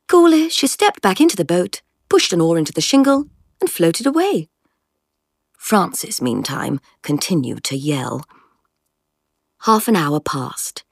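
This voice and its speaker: A woman narrating a story aloud in a lively, expressive manner. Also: lowish voice, a little slow, gravelly, no echo, clean studio sound. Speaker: audiobook reader.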